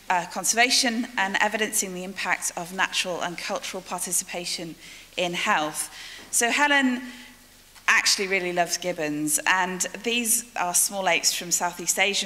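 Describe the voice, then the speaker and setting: Female event host, bright, formal introduction in a reverberant hall with faint hiss. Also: medium pitch. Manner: brisk, with frequent "uh" fillers.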